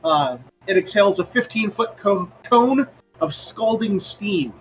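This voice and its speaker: High-voiced man running a tabletop game. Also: expressive, faint music behind, poor audio. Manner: halting, with many ums and uhs. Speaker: game master.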